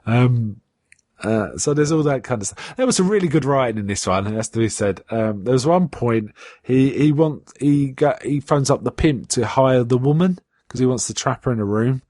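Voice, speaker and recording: A man's voice: mid-range voice, normal speed, no echo, studio quality. A man recapping an old TV episode on a podcast, chatty and full of fillers and restarts, with quotes acted out in a raised voice. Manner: animated retelling, acts out quotes in a raised voice. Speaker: podcast co-host. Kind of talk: casual episode recap chat.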